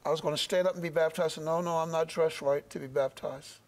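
A middle-aged man giving an earnest, halting church testimony in an interview, often repeating words as he searches for them. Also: a little high, steady tone, darkish tone.

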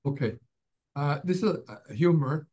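A man's voice: fairly high pitch, expressive, moderate pace, mellow, lo-fi sound, a little hiss or hum. An older man, a podcast guest and author, genially telling a humorous story in casual chat.

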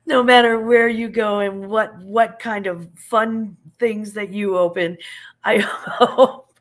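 A woman's voice: medium pitch, steady tone, slow pace. Older woman, casual vlogger; playful, teasing, giggly, gushing over her finds. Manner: playful and teasing, laughs often mid-sentence. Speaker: vlogger unboxing a clothing box. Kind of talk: casual chat to camera.

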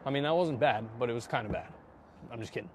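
A man chatting casually to viewers while hitting golf balls, excitable and self-mocking, swearing often and breaking into loud outbursts. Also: medium pitch, fast talker, slight background noise. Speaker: golf vlogger. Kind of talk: casual range-session chat to viewers.

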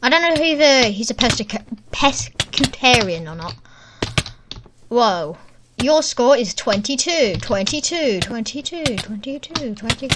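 A woman comments on her gameplay in a high, swooping voice, jumping between cheerful shouts and half-muttered thoughts. Loud keyboard clatter and typing run clearly underneath her talk. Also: a little slow. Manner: excitable, exclaiming and thinking aloud. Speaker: gaming channel host. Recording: keyboard clicks and typing in background. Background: keyboard typing noise.

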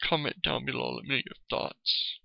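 A man's voice: mid-range voice, steady tone, moderate pace, vocal fry, dry recording, highs cut off. A man in an angry, profane video rant, repeating "you know" as he vents. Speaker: vlogger. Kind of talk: angry ranting video commentary.

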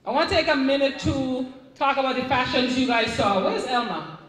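A middle-aged woman with a Caribbean English accent tells a live audience about her writing in a chatty, animated way, circling back and restarting her sentences. Her voice sits very high. The room around her rings with echo. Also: moderate pace, far from the mic. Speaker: author at a book signing. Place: event room. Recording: echoey room.

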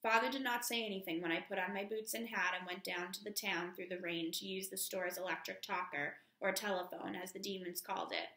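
Gravelly woman reading a novel aloud. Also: mid-range voice, brisk, few pauses, echoey room. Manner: steady reading, announces page numbers. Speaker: teacher.

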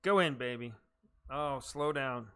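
A man's voice: mid-range voice, unhurried, sharp tone, smooth. A man streaming a game live, reacting aloud to his own shots, swearing when frustrated, poking fun at himself and chatting with viewers. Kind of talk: live gameplay commentary.

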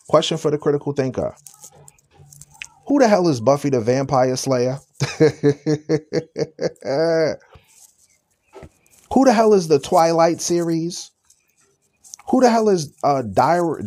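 A man hosting a live stream of religious commentary, his voice sitting at a middle pitch. He talks emphatically and with open sarcasm, hammering home points with repeated rhetorical questions. When he reads scripture he slows right down. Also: a little mellow.

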